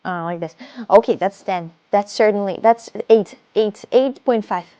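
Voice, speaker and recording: A woman's voice: medium pitch, moderate pace, warm tone, clean tone, muffled recording. A woman with a Russian accent chatting casually on a live stream from home, rambling and often stumbling over and repeating her words.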